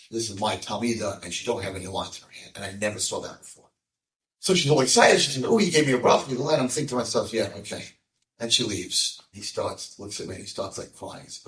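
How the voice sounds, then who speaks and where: A man's voice: lowish voice, fairly quick, a bit bright. An older man, a rabbi, tells a story to a roomful of listeners. He acts out the voices of the people in it and jokes with the crowd. He is heard from a distance in an echoey hall. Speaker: rabbi giving a talk. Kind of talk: storytelling talk to an audience. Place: lecture room with audience. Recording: echoey room, mic at a distance.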